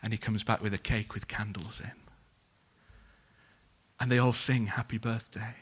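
Husky preacher telling a story. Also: male voice, on the low side, moderate pace. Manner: animated storyteller acting out the characters' lines. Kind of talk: sermon storytelling.

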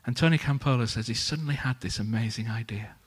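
A man preaches a sermon through a story, his voice slightly husky. He is a lively storyteller who acts out the characters' lines. His pitch sits in the middle range for a man. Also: quick pace.

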